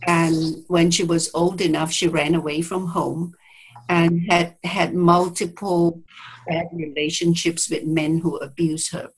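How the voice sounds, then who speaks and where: A woman's voice: fairly low pitch, flat delivery, unhurried, breathy edge, poor audio. A woman therapist telling a client story in an interview, speaking reflectively, with hesitant restarts and quoted dialogue, over a video call. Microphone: video call mic.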